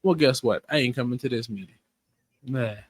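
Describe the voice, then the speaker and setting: A man's voice: mid-range voice, a little fast, a little hiss or hum. A man co-hosting a podcast in casual chat, easygoing and wry, with a mild way of speaking. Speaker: podcast co-host.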